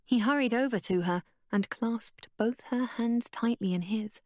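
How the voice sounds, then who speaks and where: A woman narrating an audiobook in a steady, even storytelling manner. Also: a little high, measured pace, no room sound, clean studio sound. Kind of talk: scripted narration.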